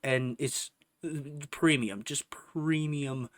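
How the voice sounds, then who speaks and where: A young man telling a casual story-time vlog as a vtuber, ranting in a profane, animated way. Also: medium pitch, very slow, no room sound.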